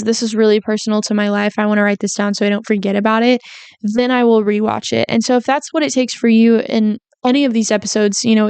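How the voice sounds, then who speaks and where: A woman's voice: on the high side, gravelly, a little mellow, clean tone, dry recording. A young woman in her twenties hosting a heartfelt, faith-based podcast monologue, talking earnestly with fillers and repeats. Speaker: podcast host.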